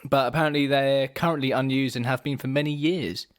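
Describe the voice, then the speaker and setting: A young man from England co-hosting a casual podcast, relaxed and deadpan, often trailing off quietly. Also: medium pitch, fairly quick, no echo, clean studio sound. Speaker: podcast co-host.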